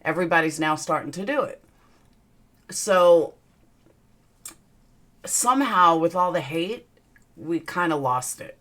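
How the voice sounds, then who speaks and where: Southern gal hosting her stream, chatty and upbeat, kinda low voice. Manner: greets viewers by name in a lively upbeat way. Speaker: livestream host. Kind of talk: casual livestream chat.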